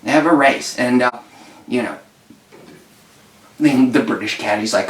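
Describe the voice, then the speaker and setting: A man spins a rambling tall tale with a straight face, halting and restarting as he goes. He speaks at an ordinary pitch. The sound is roomy and picked up from some distance. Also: a bit bright. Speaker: podcast co-host. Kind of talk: casual chat.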